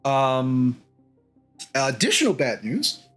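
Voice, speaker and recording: A man voicing a composed, powerful woman envoy in a tabletop game, halting and full of fillers. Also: mid-range voice, huge pitch swings, faint music behind. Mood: businesslike.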